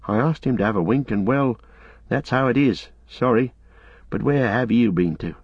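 A man's voice: mid-range voice, normal speed, husky, no room sound. A man playing a loyal, plain-spoken male hobbit servant with homely, rustic turns of phrase, on a dull lo-fi recording. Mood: apologetic.

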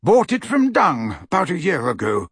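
A man reading an audiobook voices a gruff, scornful old male barman who talks bluntly and sarcastically. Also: a little high, huge pitch swings, normal speed, no echo, studio quality, voice pushed up, exaggerated voice.

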